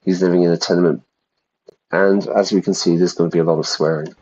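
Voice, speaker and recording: A man's voice: low-pitched, steady tone, fast, a little mellow. A man who teaches English, playing a game on stream and chatting casually as he explains words for learners. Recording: dull, lo-fi sound.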